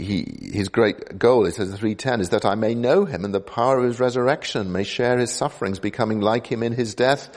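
A man preaching a sermon in a measured way, with frequent fillers and restarts. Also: mid-range voice.

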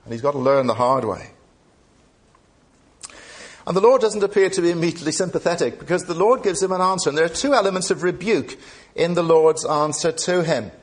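A man preaching a sermon in an earnest way, asking the listeners many rhetorical questions. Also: sits high.

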